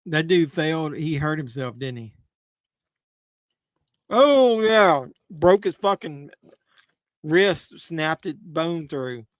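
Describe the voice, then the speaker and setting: A man's voice: a little high, lively intonation, slow, pauses often, no echo. A man hosting a live movie watch-along, making casual commentary full of crude jokes. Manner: crude joking banter. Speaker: live-stream host.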